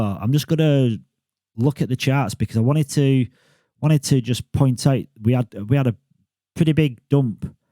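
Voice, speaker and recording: A man with a northwest English accent from Bolton talks casually to camera about his crypto channel, rambling and poking fun at himself. His voice is mellow and dark. The sound is dry and close, with no room echo. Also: medium pitch. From England. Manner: chatty, self-deprecating, rambling with fillers.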